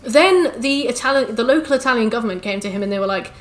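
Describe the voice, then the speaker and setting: This young woman from England streams games and talks to her live chat in an expressive, high-ish voice. Her style is casual and ranty, full of swearing and quick asides to chat.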